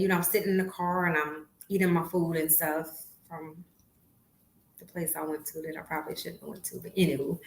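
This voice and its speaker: A woman in her fifties hosts her podcast in a blunt, profane monologue, dropping to low asides and then rising into loud outbursts. Her voice sits at a middle pitch. The recording carries a roomy echo. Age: 50s. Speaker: podcast host. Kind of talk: candid monologue.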